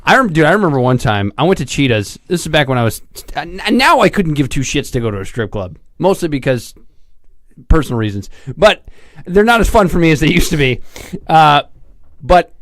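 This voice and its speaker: A man's voice: a little high, fairly bright tone, dry recording, clean studio sound. Rambling, profane man telling stories. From Detroit area. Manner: rambling, profane, laughs through his stories. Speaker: podcast co-host. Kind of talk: casual storytelling chat.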